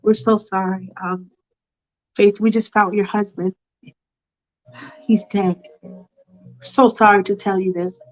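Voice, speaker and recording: A woman's voice: medium pitch, little pitch movement, slow pace, long pauses, soft background music, close to an everyday voice. A woman voicing a polite, hesitant police officer delivering bad news. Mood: apologetic. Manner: soft, apologetic, hesitant. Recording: dull lo-fi recording.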